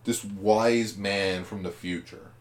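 A man's voice: fairly low pitch, steady tone, slow. A young man chatting casually on a podcast, chiming in with quips and laughs.

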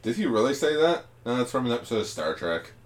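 A young man of middle pitch whose voice rises and falls a lot as he talks. He chats casually on a podcast, chiming in with quips and laughs. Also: big pitch swings, fast.

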